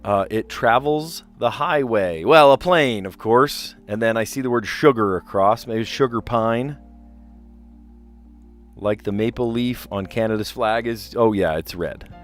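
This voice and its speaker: A man with a fairly low voice talks his way through word puzzles on a live stream, reading clues aloud and rambling between guesses. His delivery is relaxed and chatty, with faint music sitting behind him. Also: unhurried. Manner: chatty, rambling, reads clues aloud and muses over answers. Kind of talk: casual live-stream commentary, thinking aloud.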